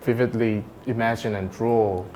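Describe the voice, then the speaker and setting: A man from New Zealand answering interview questions in a relaxed way, often repeating words as he looks for how to say things. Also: fairly low pitch, moderate pace, a little hiss or hum. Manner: hesitant, repeats words while searching for phrasing. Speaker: interview guest.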